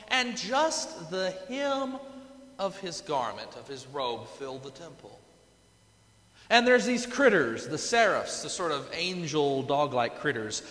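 A man preaching a sermon in a high, bright voice that swoops up and down with dramatic flair. He takes his time, slowing down for the big images and breaking in with jokes. The sound rings through an echoey hall with a long reverb tail. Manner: dramatic storytelling with playful asides. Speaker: pastor.

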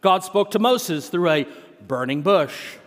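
A man preaching in a church sanctuary, measured and unhurried, with a humorous storytelling touch. His voice sits fairly high for a man. A long hall reverb follows each phrase. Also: lively intonation. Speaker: senior pastor. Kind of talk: sermon with storytelling.

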